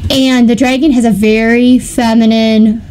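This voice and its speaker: A woman's voice: on the high side, little pitch movement, a little slow, a little mellow, a little hiss or hum, poor audio. A woman co-hosting a podcast, retelling a film plot in casual chat and acting out the characters' lines. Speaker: podcast co-host.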